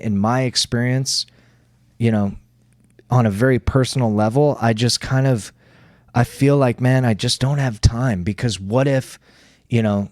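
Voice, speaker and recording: A man's voice: medium pitch, darkish tone, no echo, studio quality. A man co-hosting a podcast in casual chat, earnest and reflective, swearing freely and tagging his points with "right?". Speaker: podcast co-host.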